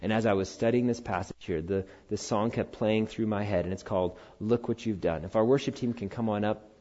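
A middle-aged man preaching a sermon, earnest and animated, swinging from loud, high emphasis down to quiet, low conviction. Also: brisk. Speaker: pastor. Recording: dull, slightly lo-fi sound.

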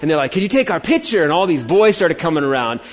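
Animated American preacher with lively pitch. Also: male voice, fast talker. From United States. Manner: animated storytelling, acts out quoted voices. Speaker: pastor. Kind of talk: sermon with personal story. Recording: dull lo-fi sound.

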